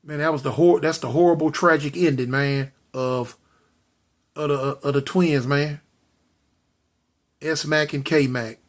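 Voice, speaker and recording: A man's voice: fairly high pitch, fairly even intonation, measured pace, long pauses. A man telling a street story dramatically, repeating lines, calling out to listeners and voicing gunshot sounds. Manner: addresses listeners directly.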